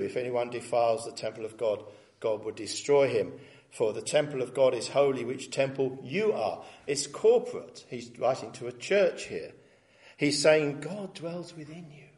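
A man preaching an expository sermon, reading scripture aloud with rising emphasis and stressing key words slowly. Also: mid-range voice, a little mellow. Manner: reads scripture aloud with rising emphasis, then comments plainly.

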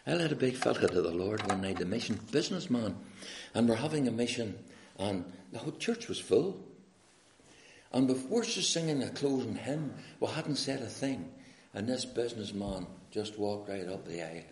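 A man with a Northern Irish accent preaching an evangelistic sermon full of stories, swinging from hushed words to loud, pleading questions. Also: mid-range voice, animated, moderate pace, roomy sound.

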